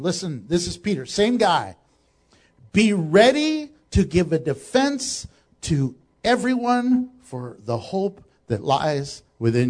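A man preaching a sermon as pastor, animated and joking, acting out quotes as he goes. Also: sits high.

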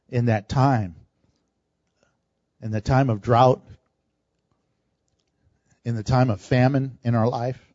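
A man's voice: fairly high pitch, darkish tone, dry recording, dull audio. A man preaching an earnest, conversational sermon as pastor and then leading a prayer.

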